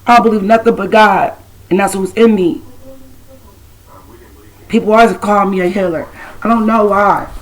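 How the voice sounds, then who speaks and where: A woman's voice: mid-range voice, fairly even intonation, normal speed, pauses often, low-quality recording. Blunt, streetwise woman talking to viewers. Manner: blunt and streetwise, swears, talks straight to the camera's audience. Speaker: self-described spiritual intuitive. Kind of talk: casual spiritual storytelling to viewers.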